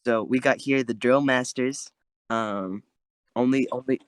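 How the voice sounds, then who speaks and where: A man's voice: mid-range voice, fairly even intonation, a little slow, smooth, no room sound. A man chatting casually with friends on a podcast, rambling with lots of fillers, talking from his closet. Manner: rambling, many "like" and "um" fillers, playful. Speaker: podcast co-host.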